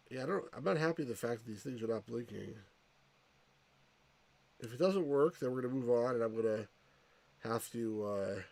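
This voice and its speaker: A man's voice: medium pitch, vocal fry, darkish tone. A man casually commenting on a retro computer game as he plays, rambling and often restarting his sentences. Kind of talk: casual let's-play commentary.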